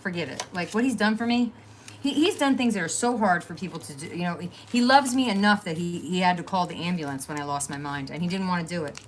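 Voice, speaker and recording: Crafting host: middle-aged woman, low-ish voice, rambling chatty delivery to live viewers, faint hiss behind. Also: quick pace. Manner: rambling and chatty, trailing off with fillers. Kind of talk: casual chat to live viewers.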